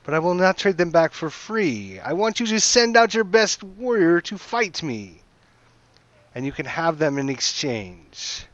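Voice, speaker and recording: A man voicing a towering, boastful half-dragon warrior who shouts taunts in a high, strained voice. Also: sing-song, a little slow, no echo, dull audio. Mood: taunting.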